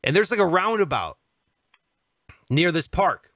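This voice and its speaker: Animated man telling a wild story. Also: high-pitched, unhurried, dry recording, studio quality. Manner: animated, acts out voices in his anecdotes. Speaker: podcast co-host. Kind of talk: comic storytelling in casual chat.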